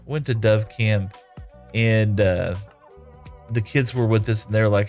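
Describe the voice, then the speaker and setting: A man's voice: lowish voice, steady tone, unhurried, a little mellow, soft background music. A man live-streaming a game, chatting casually and reading viewer comments in a rambling, easygoing way, often laughing.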